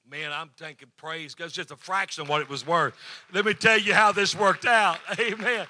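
A man's voice: high-pitched, fairly even intonation, moderate pace, sharp tone, a little hiss or hum. A man, a pastor telling a story in a sermon to his congregation and acting out the people in it. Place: church, in front of a congregation.

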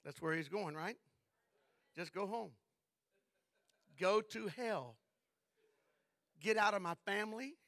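A male preacher calls out to his congregation and builds to shouting peaks. His voice sits very high and rings bright and sharp. The sound is dry and close. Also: slow pace, pauses often, no echo. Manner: call-and-response, building to shouts. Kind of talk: sermon.

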